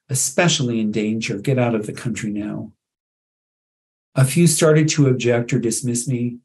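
Dark-voiced man reading fiction aloud. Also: medium pitch. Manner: measured, dramatic first-person storytelling. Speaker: author reading his fiction. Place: online writers' event.

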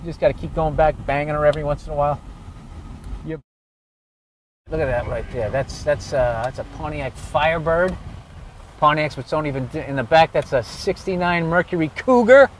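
High-voiced man ranting outdoors. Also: normal speed, a little hiss or hum. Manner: loud, sarcastic, swears constantly. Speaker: comedian. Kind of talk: profane ranting walking tour. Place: outdoors on a city street.

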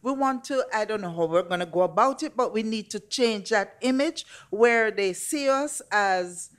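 A woman's voice: medium pitch, animated, moderate pace. A woman speaking earnestly on a discussion panel, making her points steadily. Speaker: panelist, disability advocate. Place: festival screening venue.

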